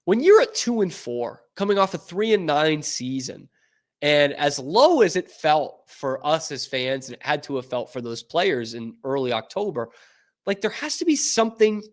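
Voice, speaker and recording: A man talks football in an easygoing podcast style. His voice sits a bit high and swings up and down a lot as he gets excited. He is chatty and laughs often. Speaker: podcast host. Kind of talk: casual sports commentary.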